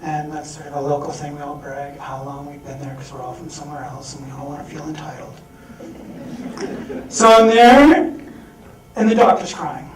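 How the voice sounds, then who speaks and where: A man telling a personal story on stage, animated, acting out the voices he quotes. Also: on the high side, normal speed, slight background noise. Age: adult. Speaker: speaker. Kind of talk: storytelling talk. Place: large hall. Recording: echoey hall from far off.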